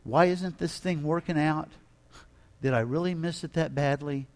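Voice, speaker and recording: A man voicing a troubled young father who quietly questions why nothing is working out. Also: a little high, normal speed, voice pushed down, natural voice. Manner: quiet, searching, doubtful.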